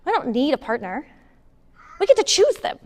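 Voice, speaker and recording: A woman giving a casual, animated talk to a moms' group, taking audience questions and acting out what partners say. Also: high-pitched, moderate pace. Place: meeting hall with an audience. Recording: long hall reverb.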